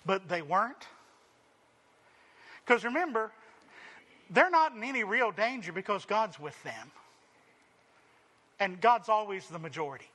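A man preaching a sermon, acting out the quoted lines and swinging from loud emphasis to hushed, drawn-out phrases. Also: sits high, expressive.

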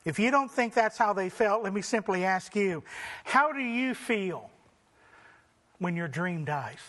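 A male preacher with a very high, bright voice delivers a sermon. He leans on rhetorical questions and slows down for dramatic pauses. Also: lively intonation.

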